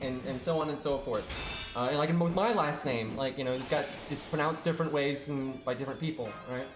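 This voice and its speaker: A high-voiced man rants casually on a live stream, exasperated and cursing freely. His voice sits in a roomy, echoing space. Faint music plays underneath. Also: brisk. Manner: exasperated, ranting, swears freely.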